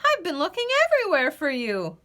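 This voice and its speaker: A cheerful young bird in a swamp monster costume, as a woman puts it on, who teases in a bright, lively voice. Every line sounds pleased with itself. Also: high-pitched, brisk, voice pushed up, full character voice. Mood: teasing. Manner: teasing, cheerful.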